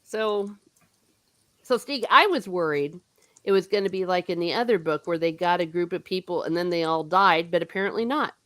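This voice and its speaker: A woman hosting a casual book discussion, excitedly retelling the story and gushing over her favorite parts. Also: lowish voice, brisk, no echo.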